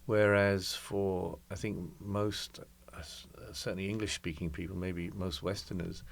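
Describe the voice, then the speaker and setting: Gravelly, low-voiced man in his sixties. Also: little pitch movement, measured pace. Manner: reflective, anecdotal storyteller. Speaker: guest. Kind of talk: conversational interview.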